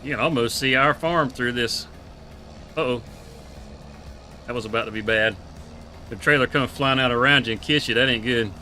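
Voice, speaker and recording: A man with a drawl chats through a live farming game stream, loose and laughing. His voice is bright and forceful, and faint music hums behind him. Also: medium pitch, normal speed, long pauses. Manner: laid-back, laughing, drawling country talk. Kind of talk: casual live gameplay chat.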